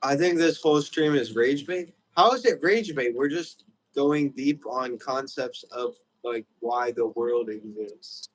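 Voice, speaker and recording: A man's voice: medium pitch, unhurried, poor audio. A young man hosting a livestream, rambling loosely in casual chat with lots of fillers. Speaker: livestream host.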